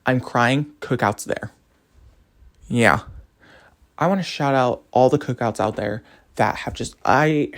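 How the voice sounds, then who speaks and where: A man's voice: medium pitch, slow pace, vocal fry, long pauses. A young man in college ranting casually to camera, rambling from topic to topic. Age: young adult. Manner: animated, rambling, jumps between topics. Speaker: college student vlogger.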